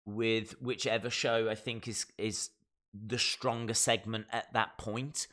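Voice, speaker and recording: A man with a Black Country English accent hosts a wrestling live stream in loose, chatty talk. His voice sits in an ordinary middle pitch but has a bright, forward edge, and his opinions are full of fillers. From West Midlands, England. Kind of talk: casual live-stream chat, reading viewer comments.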